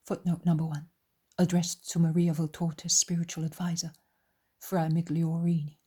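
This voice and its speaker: A woman narrating an audiobook in a soft, hushed, mostly whispered voice. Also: lowish voice, flat delivery, moderate pace, husky. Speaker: audiobook reader.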